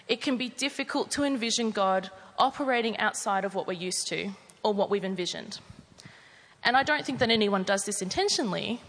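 A woman's voice: on the high side, fairly bright tone. Earnest woman preaching in a hall. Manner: conversational, earnest, storytelling. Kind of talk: sermon.

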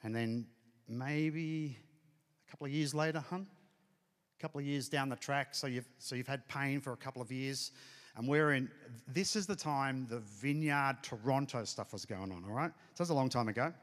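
A man's voice: medium pitch, normal speed, a bit bright. A middle-aged man telling an earnest personal testimony as a pastor speaking to a congregation. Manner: earnest storytelling, emotional, addresses congregation. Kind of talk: sermon testimony. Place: church hall. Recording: hall reverb.

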